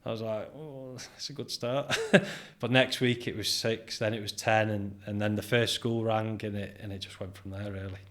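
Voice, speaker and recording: A British man in his forties, a podcast guest and business founder, telling lively anecdotes in a casual interview, acting out quoted dialogue and laughing often. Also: fairly low pitch, normal speed, hardly any pauses.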